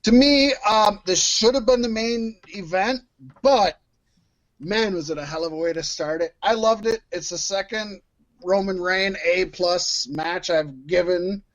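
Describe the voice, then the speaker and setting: High-voiced man in casual wrestling chat. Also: measured pace, muffled recording. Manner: animated, laughs while talking. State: coughing. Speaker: podcast co-host.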